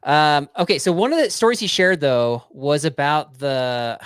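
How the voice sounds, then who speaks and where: A man hosting a podcast in casual chat, telling stories in an animated, playful way. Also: fairly high pitch, a little slow, clear, resonant tone, no echo, clean studio sound. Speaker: podcast host.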